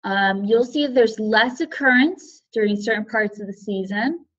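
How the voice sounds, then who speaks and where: A woman's voice: medium pitch, measured pace, muffled recording. A woman presenting an online lesson for educators, reading out participants' chat guesses by name and responding in a friendly way. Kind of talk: live online teaching webinar.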